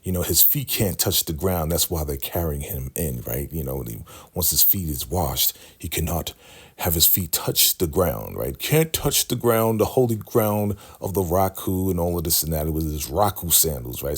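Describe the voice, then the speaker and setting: A man hosting a casual TV recap vlog, animated and laughing as he acts out the characters' lines. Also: low voice, normal speed, husky. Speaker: recap host.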